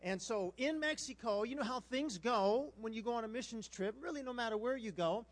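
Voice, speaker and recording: High-voiced pastor telling a funny story. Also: male voice, a little fast. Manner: animated, self-mocking, acts out quotes. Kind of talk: humorous sermon storytelling.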